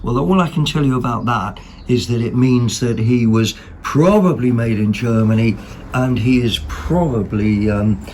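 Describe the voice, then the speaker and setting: A chatty man hosting a home vlog, his voice sitting at an ordinary middle pitch. He rambles excitedly through his finds, peppering his talk with ums and quick corrections. A faint background noise sits under the recording. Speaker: vlog host. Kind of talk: casual chat showing second-hand finds.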